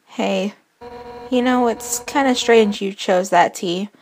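A woman voicing a brash, hot-headed female fish warrior captain from a video game, blunt and boastful with gruff outbursts. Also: mid-range voice, slow, slight background noise, close to an everyday voice. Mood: teasing. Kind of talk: reading game dialogue aloud.

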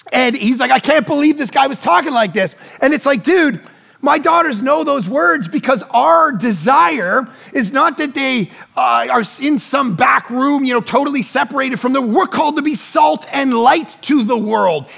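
Male pastor, middle-aged, gravelly and high-pitched; animated storyteller sermon, chatty asides. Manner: conversational storytelling with rapid asides; animated, acts out quoted people.

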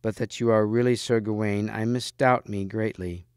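A man's voice: on the low side, fairly even intonation, normal speed, a little mellow, smooth, no echo, clean studio sound, natural voice. A man reading a teasing noble lady.

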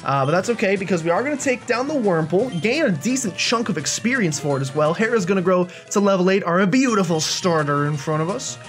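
A chatty, jokey man gives casual commentary over his gameplay, his pitch swinging up and down with animated energy. He rambles along with plenty of fillers and asides. Soft game music sits faintly underneath. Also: fairly quick, few pauses. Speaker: let's play host.

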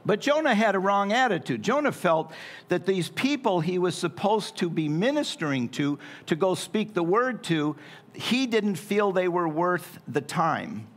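A man's voice: sits high, big pitch swings, unhurried. A middle-aged man preaching a sermon in a church in a folksy, joking way with playful asides. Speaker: pastor. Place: church sanctuary.

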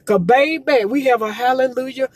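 Parked by the roadside, a woman from Columbus, Georgia, promotes gospel quartet music in a live phone broadcast, preachy, emphatic, and repetitive, and close to tears. Her voice is high, slightly mellow, at normal speed, on a dry recording.

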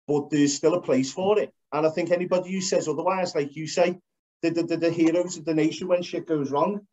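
Male podcast host, frank and plain-spoken, slightly high pitch, muffled audio. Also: steady tone, a little fast, darkish tone. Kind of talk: casual podcast chat.

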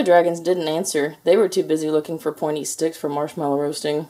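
Woman, children's storybook reader, expressive, low-ish voice, breathy. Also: a little fast. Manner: lively expressive reading. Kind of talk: children's storybook read-aloud.

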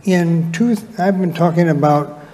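A middle-aged man giving a conference lecture in a large hall, relaxed and anecdotal with light humor. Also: fairly high pitch, unhurried. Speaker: invited lecturer. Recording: long hall reverb from PA.

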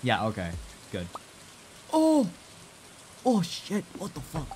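Rambling young male streamer, lively pitch. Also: slow. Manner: rambling, restarts often, swears, reads chat aloud. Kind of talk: casual live-stream chat. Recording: steady background noise.

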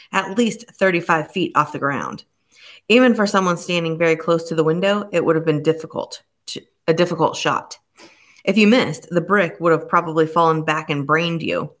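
A woman reading the part of a stern male police inspector who speaks slowly and grimly. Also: sits low, a bit bright. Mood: probing. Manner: slow, measured and grim.

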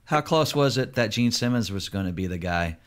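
Low-voiced male interviewer. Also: lively intonation, fairly quick. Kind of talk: casual interview questions.

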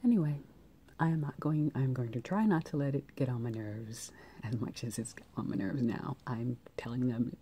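A woman's voice: a bass voice, normal speed, dark tone, husky. A young woman vlogging her outfits in casual chat, annoyed and ranting, with many fillers and restarts.

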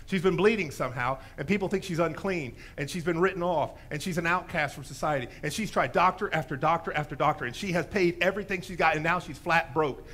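A man preaching a sermon in a church, telling a story with lively animation and acting out the voices in it. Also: fairly high pitch, fast, hardly any pauses. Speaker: pastor.

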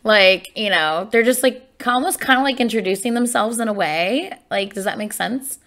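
A woman's voice: medium pitch, normal speed, fairly bright tone. A woman doing casual, enthusiastic reaction commentary on music for her channel. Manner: chatty and enthusiastic.

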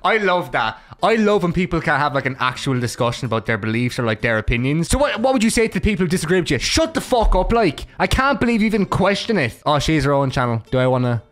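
A man's voice: a little high, big pitch swings, quick pace, few pauses, a bit bright. An Irish man hosting a casual reaction video, joking and swearing in chatty asides. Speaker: YouTuber reacting to clips.

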